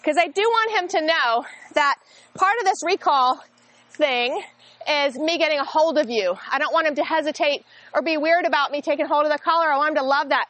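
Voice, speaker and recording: High-voiced woman explaining dog training. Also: fairly quick, no echo. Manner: friendly, explanatory, breaks into bursts of high, excited praise. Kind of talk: instructional training demonstration.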